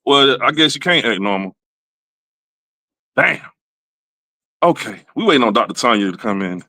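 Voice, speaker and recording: Profane, lively-voiced male comedy host. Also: medium pitch, moderate pace, no room sound. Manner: profane, loose, riffing rants with repeated fillers. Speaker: show host. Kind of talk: casual comedic livestream commentary.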